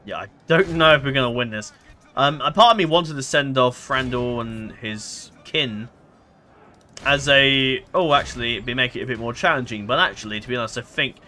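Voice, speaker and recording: A man with a mid-range, bright voice and a forceful tone does casual let's-play commentary on gameplay. He rambles and hesitates, packing in fillers and self-corrections, with slight background noise behind him.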